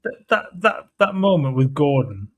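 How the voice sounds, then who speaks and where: A man's voice: on the high side, very animated, fairly bright tone. A man co-hosting a casual football watchalong, often restarting his sentences. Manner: halting, restarts mid-sentence. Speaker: podcast co-host.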